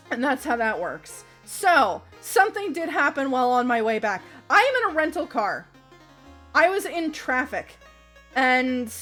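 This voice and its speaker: A young woman livestreamer telling a story in casual chat, animated, swearing freely and laughing as she talks. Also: sits high.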